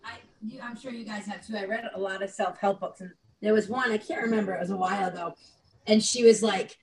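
A woman's voice: mid-range voice, fairly even intonation, fast. A woman telling a funny story in casual chat, swearing and acting out her own inner voice. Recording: distant mic with faint background noise.

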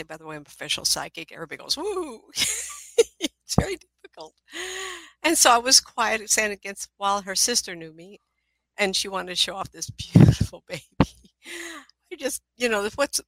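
A middle-aged woman, a psychic, telling personal stories in an animated way, with frequent laughter and asides. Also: medium pitch, dry recording, low-quality recording. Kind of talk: storytelling talk.

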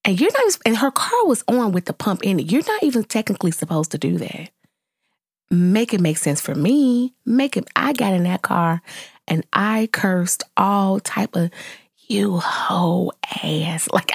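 Animated husky-voiced mom venting. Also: female voice, normal speed, no room sound, clean studio sound. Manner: animated, exasperated, swings into high exclamations. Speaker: vlogger, mother. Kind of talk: casual storytelling vent to viewers.

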